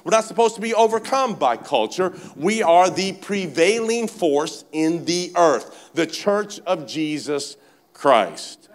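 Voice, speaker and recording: A male pastor preaching a sermon at a church service, fervent and urging, swinging between shouted exhortation and quiet speech. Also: sits high, very animated, slow pace. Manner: fervent, repeatedly urges the congregation with "come on".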